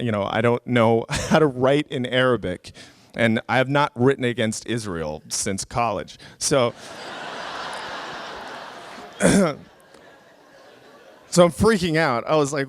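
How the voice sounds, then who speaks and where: A man's voice: medium pitch, animated, a little slow, pauses often, dry recording, studio quality. A comedian telling a story live, chatty and self-mocking, with frequent fillers and laughs at his own jokes.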